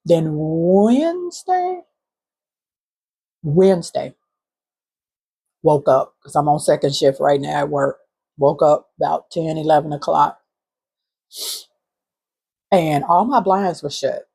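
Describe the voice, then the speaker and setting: Gravelly, husky woman sharing a spiritual story. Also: low voice. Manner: halting, heartfelt storytelling with fillers and soft whispered moments. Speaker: spiritual channel host. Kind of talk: emotional spiritual testimony vlog. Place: bedroom.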